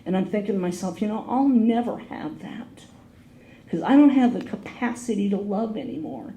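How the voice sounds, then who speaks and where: Dark-voiced woman telling her story. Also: medium pitch, expressive, moderate pace. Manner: earnest storytelling, voices quoted people. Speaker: AA speaker. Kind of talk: recovery talk, personal story. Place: meeting hall. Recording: echoey room with faint noise.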